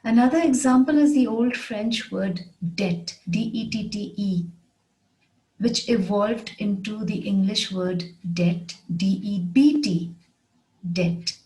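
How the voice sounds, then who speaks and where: A woman's voice: mid-range voice, slow, mellow, low-quality recording. A woman teaching an English pronunciation lesson, spelling each word out letter by letter and repeating it. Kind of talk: slow scripted pronunciation lesson.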